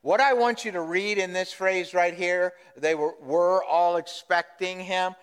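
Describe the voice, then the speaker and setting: A man's voice: high voice, fairly even intonation, a little slow, clean tone, in a large hall. A man preaching a sermon as pastor, talking conversationally and asking the congregation questions.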